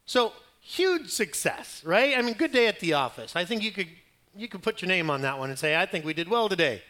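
Bright, lively male preacher. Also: high-pitched, brisk. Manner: animated storytelling, acting out quotes, rising loud at climaxes; conversational and humorous. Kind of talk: sermon.

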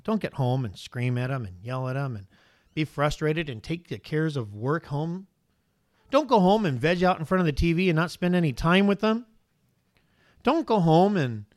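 Preaching to his congregation, an adult father and pastor with a strikingly high voice delivers his sermon energetically. Rhetorical questions come one after another, and he shifts between forceful emphasis and softer asides.

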